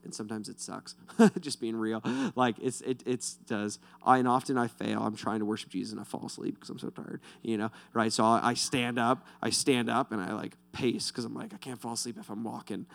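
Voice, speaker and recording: A man's voice: medium pitch, creaky. A man pastor giving a casual, conversational sermon, talking straight to his listeners and often checking in with "right?". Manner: talks directly to listeners, often asking "right?".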